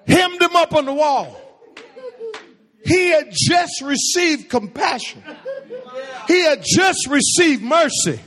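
A man preaches a sermon in a church sanctuary, using call-and-response and repeating phrases for emphasis. His voice is extremely high, expressive and a bit bright, and he speaks slowly with frequent pauses. The hall is echoey, with a long reverb tail.

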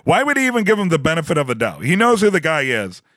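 A young man co-hosting a podcast, chatting casually about a TV episode, animated and laughing often. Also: a little high, quick pace, no echo, studio quality. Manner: animated, laughs often, acts out lines from scenes. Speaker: podcast co-host. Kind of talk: casual chat recapping a TV episode.

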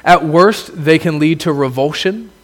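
A pastor preaches in an earnest sermon voice that swells into emphatic exclamations and then sinks low. His voice sits high for a man. A long reverb hangs after every phrase, as in a large church hall. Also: unhurried.

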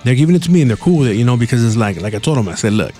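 Fast-talking slangy man. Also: medium pitch, big pitch swings, mellow, soft background music. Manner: fast, slangy, profane, mixes Spanish into English. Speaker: podcast host. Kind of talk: casual chat.

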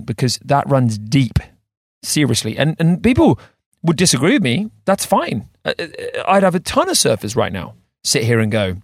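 A man in his thirties hosting a surf podcast, animated in chat and soft and slow when guiding breathing. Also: on the high side, vocal fry, dry recording, studio quality. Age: 30s. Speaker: podcast host.

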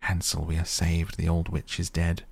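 A man's voice: low-pitched, monotone, normal speed, gravelly, slightly rough, no room sound, exaggerated voice. A man reading the lines of a young girl in a fairy tale. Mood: earnest. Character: young girl, frightened then brave.

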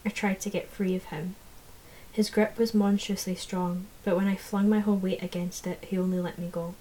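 A woman narrating a fantasy audiobook in the first person, in a measured, low-key way. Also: level tone, dark tone, low-quality recording.

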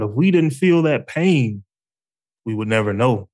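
A man's voice: medium pitch, expressive, a little slow, darkish tone. A man hosting a casual faith talk, reflective and conversational, with frequent fillers. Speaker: faith podcast host.

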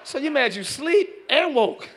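A man preaching a sermon in church as pastor, acting out everyday scenes and shouting his points to the congregation. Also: very high voice, sing-song, a little slow.

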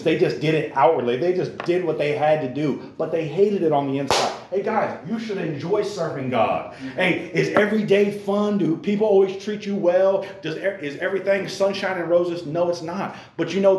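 An earnest man preaching to a youth group, his voice sitting a little higher than most men's. He drives his points home by repeating them and calling out to the room. The church around him adds a roomy echo. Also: a little mellow. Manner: earnest and repetitive, keeps calling out to the listeners. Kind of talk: sermon to young people.

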